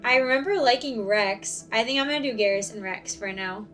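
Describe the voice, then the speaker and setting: A young woman streamer chatting and giggling her way through a video game, with a self-mocking, casual manner. Her voice sits fairly high, and soft game music runs underneath. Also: brisk. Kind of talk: casual gameplay commentary.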